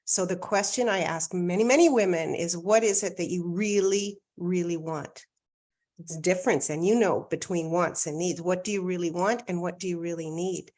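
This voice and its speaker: A woman from Canada, a life coach, talking in an energetic, emphatic way and repeating key phrases for effect. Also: fairly low pitch, moderate pace. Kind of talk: casual conversation.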